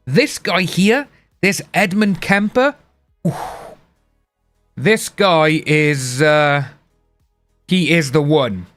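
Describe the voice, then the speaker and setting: Male streamer, casual rambling chat, slightly high voice, soft music underneath. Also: very slow, pauses often. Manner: rambling, chatty, reads out chat names. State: hiccups. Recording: faint music behind.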